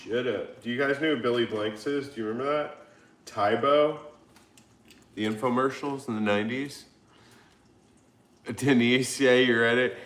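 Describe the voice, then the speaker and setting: Male livestream host, slow-paced, bright voice, laid-back joking chat, echoey room. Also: medium pitch. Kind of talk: casual chat reading viewer comments.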